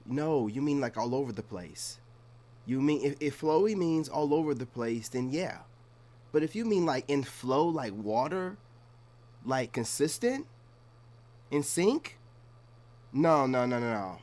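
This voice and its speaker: An American man reacts to clips in blunt, slangy commentary, speaking straight to his viewers. His voice is middle-pitched for a man and sounds plain and direct. He keeps it casual, like talk among friends. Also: lively intonation, measured pace, long pauses, a little mellow.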